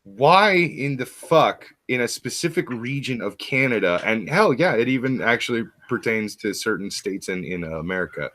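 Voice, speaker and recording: A man's voice: medium pitch, animated, moderate pace, hardly any pauses, sharp tone. A man in a casual stream chat, blunt and mocking, swearing freely.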